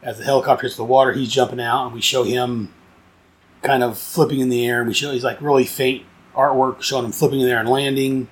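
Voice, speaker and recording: A man's voice: medium pitch, level tone, fast talker. Rambling enthusiastic man reviewing comics. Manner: rambling and enthusiastic, with many restarts and "uh" fillers. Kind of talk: casual comic book review.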